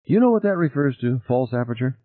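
A man doing a tense, lively woman scientist. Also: quick pace, dry recording, lightly acted. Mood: puzzled. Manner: higher pitched, lively, urgent. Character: tense, determined woman scientist on a seafloor mission. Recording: tinny lo-fi recording.

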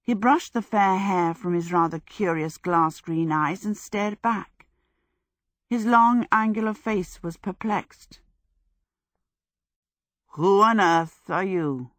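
A woman reading a story aloud in a measured, even way. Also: mid-range voice, dry recording, clean studio sound. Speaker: narrator. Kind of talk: audiobook reading.

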